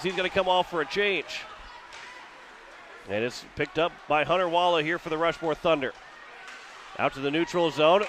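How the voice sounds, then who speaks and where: Calling a hockey game on the radio, the Missouri-born play-by-play man speaks a little high with a sharp tone. He reels off the action quickly, rising as each play builds, and a bit of hiss or hum sits under the recording.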